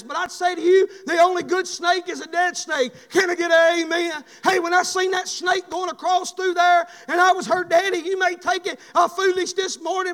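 A man preaching in a church sanctuary, his voice sitting very high as he chants and drives each phrase with a sharp "hey." He climbs from a murmured prayer to full shouting, and the sound rings with the long reverb of a big hall. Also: fairly even intonation, a little fast. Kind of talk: fiery sermon with opening prayer.

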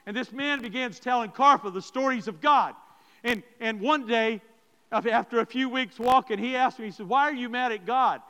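A man's voice: extremely high pitch, normal speed, a bit bright. A male pastor telling stories in a sermon and speaking directly to his congregation. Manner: emphatic preacher addressing the congregation directly. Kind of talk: sermon storytelling. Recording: long hall reverb.

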